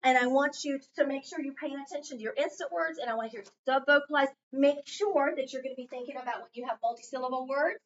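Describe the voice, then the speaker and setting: Reading teacher coaching a class. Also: female voice, high voice, fast talker, hardly any pauses. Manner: patient, coaching, frequent "mm-hmm" and "good". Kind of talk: classroom phonics instruction. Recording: distant, dull lo-fi classroom recording with faint noise.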